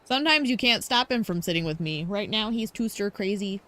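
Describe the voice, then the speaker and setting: Lively chatty woman streamer. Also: mid-range voice, a little fast. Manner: chatty, talks to her dog between game lines. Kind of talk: casual game commentary.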